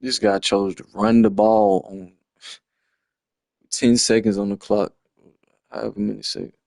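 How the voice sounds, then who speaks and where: Frustrated streamer man, low dry voice. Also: level tone, measured pace, creaky, darkish tone, dry recording. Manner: frustrated, slangy, rambling self-critique. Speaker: livestreamer. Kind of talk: casual game replay breakdown.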